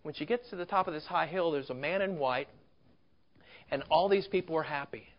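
A man's voice: fairly high pitch, fairly quick. A man preaching a sermon as a story, conversational, with rhetorical questions and asides. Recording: dull lo-fi recording.

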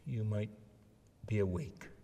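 A man preaching a sermon with earnest feeling, swelling to fervent emphasis and dropping soft. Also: on the low side, takes it slowly, long reverb tail.

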